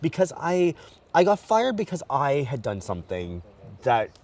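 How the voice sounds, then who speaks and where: A man's voice: on the high side, moderate pace. A man as a guest, frankly telling his story while walking outdoors at night. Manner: animated and frank, acts out quotes. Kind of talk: candid personal storytelling. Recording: distant mic, faint outdoor noise.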